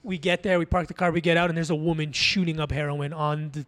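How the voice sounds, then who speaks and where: A man from Azerbaijan spins a long, crude story in casual conversation. His voice sits high for a man. He talks in an animated way, laughs often, and swears freely. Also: fast talker. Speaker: podcast guest, tattoo artist.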